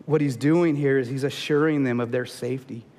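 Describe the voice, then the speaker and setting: A man's voice: fairly even intonation, fairly quick, darkish tone. A man preaching a sermon as pastor, talking in a conversational way and often checking in with his listeners. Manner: conversational preaching, often asks the crowd "right?"; rises to an emphatic, high-pitched peak when urging the men. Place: church sanctuary. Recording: long hall reverb in a church.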